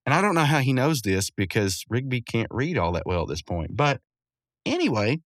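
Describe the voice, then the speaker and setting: A man's voice: medium pitch, sing-song, normal speed, no room sound. A man casually recapping a cartoon episode into a close podcast mic, rambling, chuckling often and correcting himself as he goes. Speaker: podcast host.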